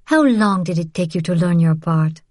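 A woman's voice: lowish voice, lively intonation, moderate pace, darkish tone, no echo, clean studio sound. A woman reading the part of a young mother who speaks earnestly and pleads with feeling. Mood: earnest pleading.

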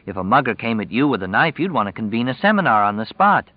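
A man voicing a sharp-tongued young pregnant woman, cool and sarcastic in her replies. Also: mid-range voice, big pitch swings, fast, no echo, highs cut off, voice pushed up. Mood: firm.

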